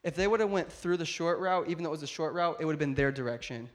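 A man preaching a sermon, building to loud emphatic peaks and acting out Bible dialogue. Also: a little high, animated, fast. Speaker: pastor.

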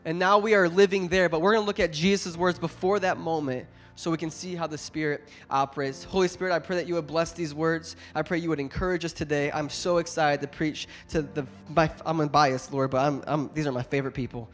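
A young pastor preaching a sermon to his congregation, a little stuffed up from a cold, building to emphatic, loud exhortation between warmer, quieter asides. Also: fairly high pitch, steady tone, fairly quick, few pauses, faint music behind. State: congested from a cold. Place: church service with a congregation.

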